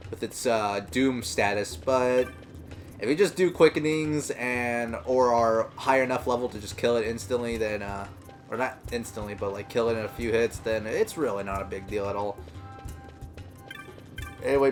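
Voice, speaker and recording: A man's voice: medium pitch, moderate pace, soft background music. A man giving casual, rambling let's-play commentary, full of fillers and self-corrections. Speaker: gameplay commentator.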